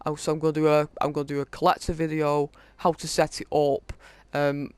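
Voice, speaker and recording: A man hosting a gaming video, casually reading through a list of in-game items with many halting fillers. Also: on the high side, monotone, clear, resonant tone. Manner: reads off item lists, halting with frequent fillers. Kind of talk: casual game walkthrough commentary.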